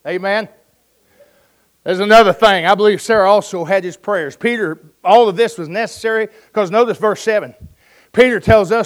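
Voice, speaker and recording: A man's voice: sits high, normal speed. A man preaching a sermon, urging his listeners with emphatic, folksy storytelling and jokes.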